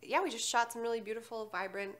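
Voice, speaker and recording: A woman's voice: on the high side, fast, a bit bright. A woman co-hosting a casual chat, with a nasal, stuffed-up voice from allergies, telling stories in an upbeat, chatty way. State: congested from allergies. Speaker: co-host.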